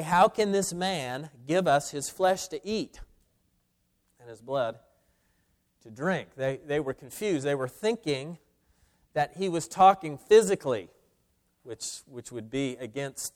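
A man preaching an expository sermon, emphatic, often repeating words as he restarts. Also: a little high. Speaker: pastor.

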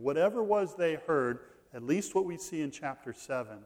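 A man preaching an expository sermon, reading scripture aloud. He stresses his points, repeats key phrases and swings between loud emphasis and quiet drops. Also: on the high side, animated, moderate pace, hardly any pauses.

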